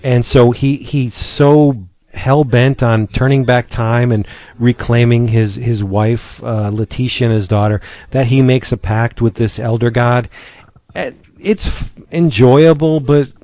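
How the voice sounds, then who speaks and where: A man's voice: medium pitch, fairly even intonation, unhurried, mellow, dry recording. Thoughtful man reviewing comics, dry sound. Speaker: podcast co-host. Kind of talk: casual comics review chat.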